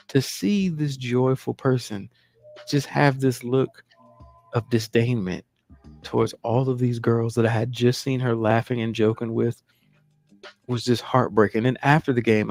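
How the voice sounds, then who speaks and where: A man in his thirties, a podcast co-host, telling a story in casual chat, animated, swearing freely and laughing through it. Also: medium pitch.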